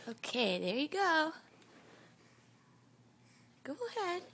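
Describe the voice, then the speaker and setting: A woman's voice: sits high, very animated, takes it slowly, a bit bright, a little hiss or hum. Sing-song woman coaxing a baby. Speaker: parent filming a baby. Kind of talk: home video, talking to a baby.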